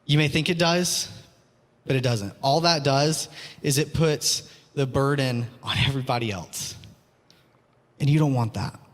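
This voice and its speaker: A man's voice: medium pitch, unhurried, long pauses. A man preaching a sermon, earnest and pleading, repeating his phrases; he also teaches school. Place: church hall. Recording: long hall reverb.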